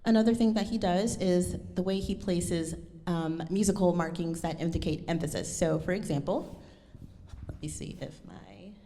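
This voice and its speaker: A woman's voice: fairly low pitch, normal speed, mellow, long reverb tail, a little hiss or hum. A woman giving a lecture recital, speaking thoughtfully and correcting herself with frequent ums. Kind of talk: lecture presentation.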